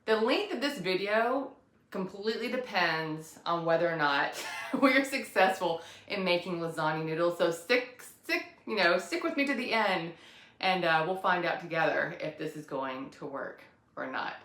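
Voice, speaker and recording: A woman's voice: on the low side, expressive, normal speed, a bit bright, reverberant. A woman hosting a cooking vlog, chatty and upbeat, talking through her plan in a casual way. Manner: chatty, self-deprecating, upbeat. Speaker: cooking channel host.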